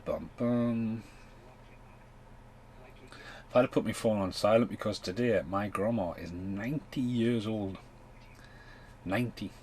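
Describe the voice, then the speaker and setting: A man talks over a film in a relaxed commentary podcast, wandering from thought to thought and swearing freely. His voice sits low, with a faint hiss of background noise under it. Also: low-quality recording. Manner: rambling, sweary, loose chatty delivery. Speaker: podcast host.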